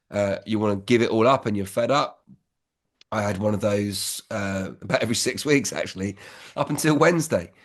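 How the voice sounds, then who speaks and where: A business school founder in his fifties, with a lowish voice, offers candid, reflective advice in a casual, conversational manner.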